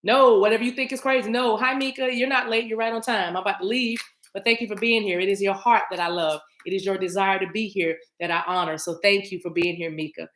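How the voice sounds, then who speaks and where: A woman's voice: mid-range voice, steady tone, fast talker, fairly bright tone. A woman giving a casual livestream tarot reading, chatty and affectionate, often laughing as she talks to her viewers.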